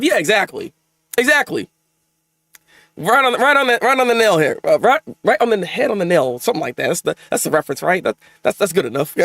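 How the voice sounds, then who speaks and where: A man hosting a live manga reaction, excitable and exasperated, with frequent restarts and repeated words. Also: sits high, no room sound. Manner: excitable, exasperated, talks fast with many restarts.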